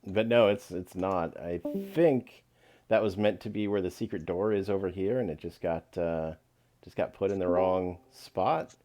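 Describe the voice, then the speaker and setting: A man running a tabletop game as game master, relaxed, laughing often and pausing with fillers. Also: sits low, faint music behind.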